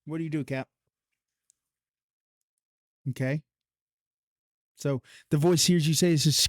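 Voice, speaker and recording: A man runs a live-streamed tabletop game, narrating in a slow, drawn-out way. His voice sits a touch high and he talks casually with some swearing. The recording is dry and close. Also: steady tone, no room sound. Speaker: game master.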